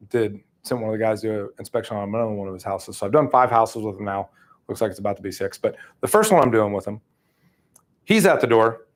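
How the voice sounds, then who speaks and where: A middle-aged man leading a sales training, telling stories casually and acting out quoted lines with sudden jumps in pitch. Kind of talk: casual training talk with storytelling.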